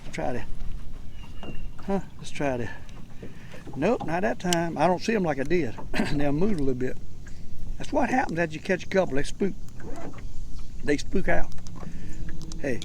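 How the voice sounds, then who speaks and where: An older man with a Southern US accent giving excited, folksy commentary while fishing from a boat. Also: a little high, normal speed, gravelly, pauses often, noisy background. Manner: excitable, folksy, talks to himself and viewers. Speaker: fishing vlogger. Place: outdoors on a boat on a lake.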